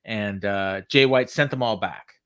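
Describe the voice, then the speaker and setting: A man's voice: lowish voice, a little slow, fairly bright tone, clear, resonant tone. A man co-hosting a podcast, giving a casual, chatty recap and laughing often as he goes. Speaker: podcast co-host.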